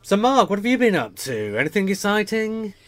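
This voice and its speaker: An Australian man hosting a casual podcast, his pitch rising and falling in lively swings. He steers the chat with quick questions, and his voice sounds close and dry. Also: no room sound. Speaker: podcast host.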